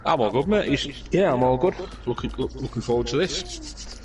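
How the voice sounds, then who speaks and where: A man's voice: mid-range voice, lively intonation, normal speed, darkish tone, distant mic. A man co-commentating an online sim race, laid-back and candid in his opinions.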